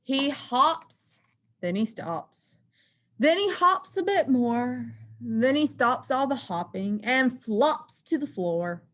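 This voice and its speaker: A woman teacher reading a rhyming picture book aloud in an expressive, sing-song way. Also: sits high, slow.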